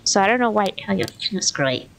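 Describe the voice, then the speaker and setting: Brisk and animated, this gameplay streamer has a mid-range voice with vocal fry, captured in poor audio with slight background noise and game music underneath. She gives casual let's play commentary, swearing, laughing, and reading the dialogue options out loud.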